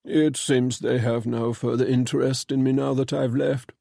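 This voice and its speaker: A man reading an audiobook and voicing a foreign émigré in his sixties, with a slight foreign accent and a halting, light, wry manner. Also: mid-range voice, little pitch movement, creaky, warm tone, no room sound, studio quality. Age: 60s. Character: older foreign émigré thinker, light and inscrutable.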